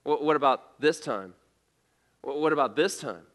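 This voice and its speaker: A man's voice: a little high, animated, normal speed, a bit bright. A male pastor preaching a sermon in a conversational way, asking rhetorical questions and often restarting his words.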